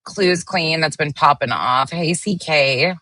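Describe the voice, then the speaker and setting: A livestream host chats casually with her viewers, greeting them one by one as she reads their comments aloud. Her voice is low-pitched yet bright and forward, and she speaks slowly and bluntly, swearing now and then. The audio is dry and close with no room sound.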